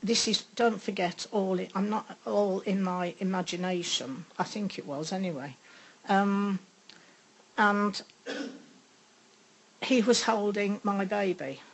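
An older woman giving a personal faith testimony, reflective and pausing often with ums. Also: medium pitch, vocal fry, a little hiss or hum, low-quality recording. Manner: unhurried, reflective, with frequent pauses and ums. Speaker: speaker sharing a faith testimony.

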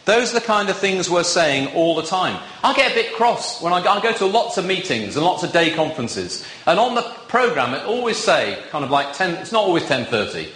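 A man's voice: high voice, big pitch swings, brisk, hardly any pauses, fairly bright tone. A man preaching a sermon in a church, chatty and playfully teasing his congregation. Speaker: visiting preacher. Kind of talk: sermon with audience banter. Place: church with box pews. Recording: echoey church room.

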